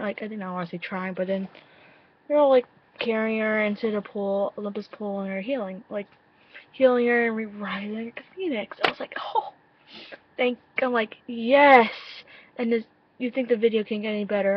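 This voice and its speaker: A woman's voice: mid-range voice, no echo. A young woman vlogging her reaction to a music video, gushing, swearing freely and quoting her own reactions with frequent laughs. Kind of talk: casual excited reaction vlog. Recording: dull lo-fi webcam sound, dry.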